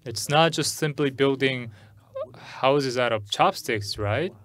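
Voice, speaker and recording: A middle-aged pastor's mid-range, fairly bright voice carries an English sermon at a church service. He tells a personal anecdote in a halting way, with many repeats and restarts.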